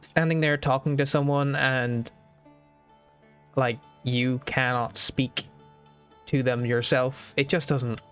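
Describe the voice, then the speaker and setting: A man's voice: medium pitch, fairly even intonation, slow pace, long pauses, fairly bright tone, smooth, soft background music. A young Irish man streaming a strategy game, chatting casually and thinking aloud with lots of fillers. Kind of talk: casual gaming stream chat.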